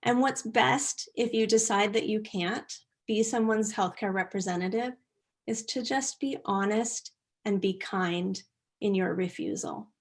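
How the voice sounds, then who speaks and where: A middle-aged woman leads an online workshop in a gentle, earnest voice. She rephrases as she goes and keeps a calm, caring tone. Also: medium pitch, a little slow. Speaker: workshop presenter.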